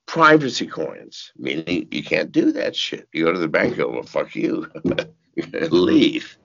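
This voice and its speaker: Gravelly older man, profane and animated. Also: takes it slowly, lo-fi sound. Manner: profane, animated storytelling with sudden high shouts and laughs. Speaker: interview guest. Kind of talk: casual interview talk.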